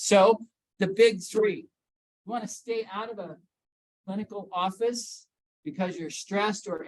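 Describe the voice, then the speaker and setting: The recording is rough, and the man's voice sits high. He's a workplace wellness speaker delivering an emphatic motivational talk on mental health, questioning his audience, naming individuals, and repeating what matters most.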